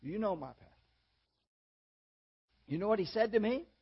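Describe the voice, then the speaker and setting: A man's voice: sits high, lively intonation, normal speed, gravelly, husky. An older man preaching a sermon in a folksy, self-deprecating way, with sudden emphatic rises. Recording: dull lo-fi audio.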